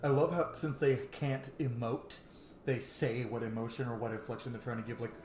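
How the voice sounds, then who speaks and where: A man commenting casually on the game he plays, goofy and excitable, with lots of joking asides. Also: medium pitch, normal speed, echoey room, a little hiss or hum. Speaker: game streamer. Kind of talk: casual commentary over gameplay.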